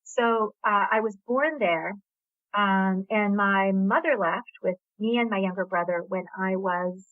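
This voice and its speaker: Heard over a tinny, dry phone line, a Hungarian-born novelist in middle age, with an American accent, talks casually in an interview. She's chatty and enthusiastic, with small laughs, yet her mid-range voice keeps a steady tone and a measured pace.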